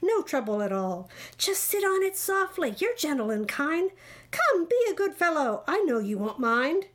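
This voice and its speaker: A woman's voice: a little high, animated, measured pace. A woman voicing a lazy female bird who sweet-talks and wheedles in a read-aloud storybook. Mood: coaxing.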